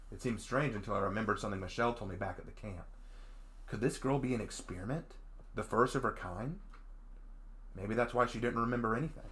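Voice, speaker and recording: A man's voice: lowish voice, brisk, a bit bright. A man hosting a let's play, reading his story's first-person narration and breaking in with enthusiastic asides. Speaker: game host and writer.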